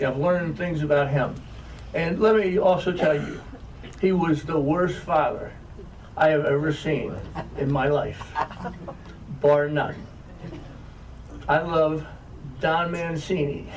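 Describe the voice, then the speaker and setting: A man's voice: fairly high pitch, slow, long pauses. An older man telling wry, self-mocking stories to an audience as an author. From American South. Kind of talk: humorous storytelling talk. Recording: distant mic, faint room noise.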